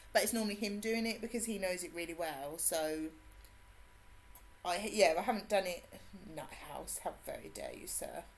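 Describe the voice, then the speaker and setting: An English woman with a mixed Suffolk, Cockney and Brummie accent, chatting casually with viewers as she streams a game, bubbly and quick to laugh. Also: medium pitch. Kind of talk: casual live-stream chat.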